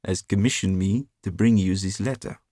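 An actor playing a courteous old gentleman messenger with a slight French accent. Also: low voice, normal speed, dry recording, studio quality. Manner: courteous, formal.

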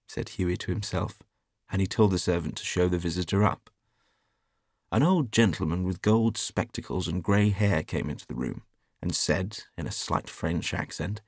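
A man narrating a classic story in a measured, even way. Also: low-pitched, husky, no echo, studio quality. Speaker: audiobook reader. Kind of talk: scripted narration.

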